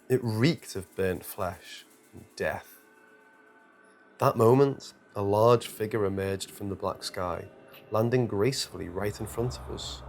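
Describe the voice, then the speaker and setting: A man with a lowish voice tells a horror story in a tense, dramatic way. Quiet background music plays under his reading. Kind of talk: scripted horror narration.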